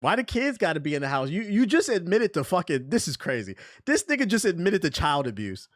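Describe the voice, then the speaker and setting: A man's voice: high voice, big pitch swings, fairly quick, fairly bright tone, no room sound. Guy streamer reacting to tracks, blunt, swears a lot, voice jumps all over, dry close sound. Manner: blunt, incredulous, swears freely. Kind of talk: casual reaction commentary.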